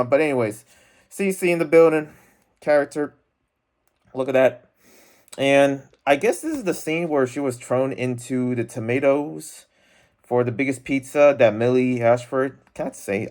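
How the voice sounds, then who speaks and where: A young man rambling casually and self-consciously as he unboxes card packs in his room, laughing often. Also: medium pitch. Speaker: unboxing vlogger.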